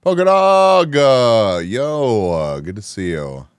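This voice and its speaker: A man streaming live, chatting casually with his viewers, animated and quick to laugh, sounding a bit groggy after a nap. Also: mid-range voice, clean tone, no echo, studio quality. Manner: animated, reactive, laughs often. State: groggy after just waking. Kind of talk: casual chat, reading chat live.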